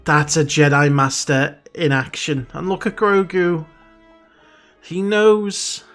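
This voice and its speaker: A man hosting a reaction video, gushing with excited fan exclamations in casual commentary. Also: fairly high pitch, slow pace. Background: faint show soundtrack music.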